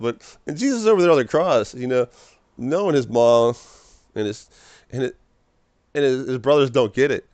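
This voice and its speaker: Young man, mid-pitched, stammering emotional vlog monologue, dry close sound. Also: normal speed, pauses often, darkish tone, dry recording. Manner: stammering, repeats words, emotional. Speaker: vlogger. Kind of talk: rambling personal monologue. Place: small room, indoors.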